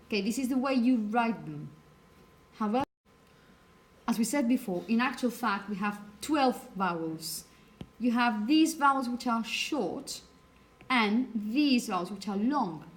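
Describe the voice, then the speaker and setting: A woman's voice: fairly high pitch, animated, measured pace. A woman whose first language is Spanish, teaching a phonetics lecture to a class and checking in with "okay?" as she explains.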